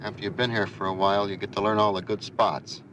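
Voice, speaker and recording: An actor playing a sleazy, pushy male driver who coaxes a young woman with a smooth, lilting voice in an old TV crime drama. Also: on the low side, level tone, fast, background noise, lightly acted. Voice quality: smooth, coaxing. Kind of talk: 1970s TV crime drama acting.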